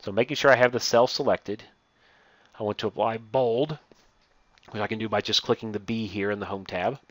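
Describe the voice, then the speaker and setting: A man teaching a step-by-step software lesson, reading each instruction aloud and then explaining it as he works on screen. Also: fairly low pitch, steady tone, a little fast, dry recording. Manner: reads steps aloud, then explains while clicking. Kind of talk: software tutorial walkthrough.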